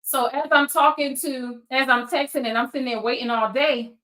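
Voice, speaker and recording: A woman with a somewhat high voice hosts her own show. She tells a story straight to the camera in a lively, direct way, talking to her viewers as if they were friends. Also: normal speed. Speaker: searcher for biological families, show host. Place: lives in Georgia.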